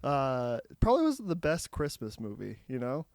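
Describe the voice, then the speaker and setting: A man co-hosting a casual movie review podcast, rambling and halting as he thinks aloud. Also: medium pitch, huge pitch swings, a little mellow. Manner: rambling, halting, many restarts. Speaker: podcast co-host.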